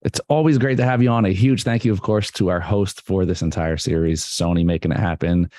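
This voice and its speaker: Playful low-voiced man hosting a livestream. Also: a little fast, mellow, dry recording. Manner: playful, jokey, puts on a radio voice. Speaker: event host.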